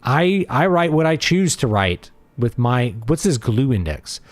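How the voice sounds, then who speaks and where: A man's voice: medium pitch, very animated, measured pace, no echo. A man hosting a casual livestream who talks in a blunt, opinionated and playful way. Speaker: livestream host and writer.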